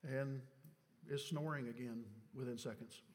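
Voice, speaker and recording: A middle-aged man, a pastor telling a personal story in a sermon, moving between hushed confession and loud exhortation. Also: medium pitch, fairly even intonation, unhurried, noisy background. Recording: long church reverb.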